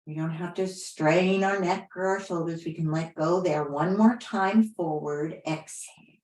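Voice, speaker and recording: A woman yoga teacher guiding a class with gentle, unhurried cues and soft affirmations. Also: fairly low pitch. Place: class room. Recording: roomy echo.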